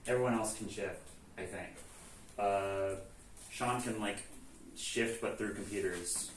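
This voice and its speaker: A man's voice: fairly low pitch, fairly even intonation, unhurried, slight background noise. A man casually recapping a game's story, rambling with lots of "like" and swearing, and acting out the lines. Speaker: host recapping a video game series. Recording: echoey room, far from mic, faint ambience.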